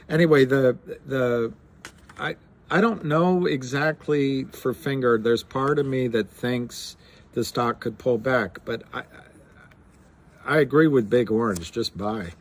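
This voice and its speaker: Slow rambling man on a live stream. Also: medium pitch. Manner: rambling, many fillers and restarts, reads numbers aloud. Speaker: livestream host talking stocks. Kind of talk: casual live-stream chat.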